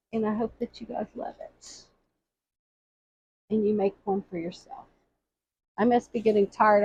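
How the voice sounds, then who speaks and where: Woman craft tutor, chatty and repetitive, gravelly tone, slightly muffled home recording. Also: a little high, slight background noise. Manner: chatty, repeats phrases while working. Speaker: floral craft instructor. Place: craft workroom at a table.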